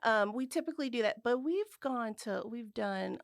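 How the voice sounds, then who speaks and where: A woman's voice: fairly high pitch, animated, moderate pace, gravelly, no room sound, studio quality. A woman in her thirties, a podcast guest, chatting upbeat and talkative about family trips. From United States. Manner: chatty, upbeat, with laughs and restarts. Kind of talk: casual chat.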